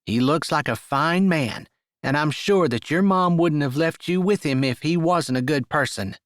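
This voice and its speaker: A man voicing a brisk, talkative woman caseworker who rattles off instructions in an audiobook. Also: a little high, dry recording, studio quality, voice pushed up, close to an everyday voice. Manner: brisk, businesslike, rattles off lists. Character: brisk talkative middle-aged social worker woman.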